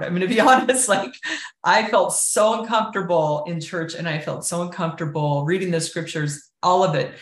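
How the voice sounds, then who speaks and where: A woman telling her personal story of faith as an interview guest, earnest and candid, often saying "like" and "you know". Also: deep voice. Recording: roomy echo.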